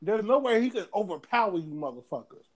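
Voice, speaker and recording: A man co-hosts a casual talk with a slightly raised pitch. He sounds laid-back, and he swears freely and jumps in over the others. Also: sing-song, quick pace, darkish tone. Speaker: podcast co-host. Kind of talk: casual chat.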